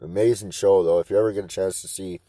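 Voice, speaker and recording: A laid-back man tells a rambling, profane story. His voice is warm and mellow, with a close, dry sound. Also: sits low, fairly even intonation, quick pace, no echo. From Canada. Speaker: interviewee. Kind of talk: casual storytelling.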